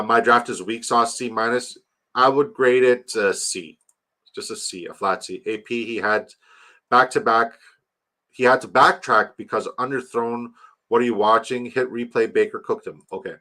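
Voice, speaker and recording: A man's voice: mid-range voice, bright, forceful tone. A man live-streaming fantasy football, grading viewers' drafts in a loose, joking, sometimes profane way while rattling off lists of player names.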